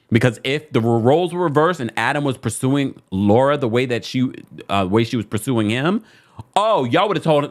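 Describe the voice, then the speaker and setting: Casting: opinionated New man hosting a chatty podcast, lively and animated. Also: mid-range voice. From New York. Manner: animated and opinionated, talks straight to listeners. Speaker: podcast host. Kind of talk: casual pop-culture commentary.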